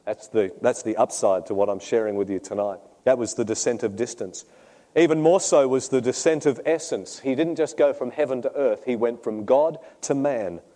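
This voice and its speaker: Warm-voiced preacher telling jokes. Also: male voice, medium pitch, normal speed. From Australia. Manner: jokey storytelling, laughs often at own stories. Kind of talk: sermon with humorous anecdotes.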